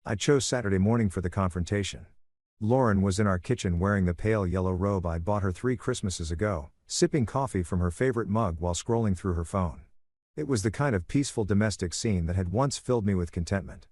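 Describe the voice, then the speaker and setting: A man narrates a first-person story in a measured, even way. His voice is fairly low, and the recording is dry and close with no room sound. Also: no room sound.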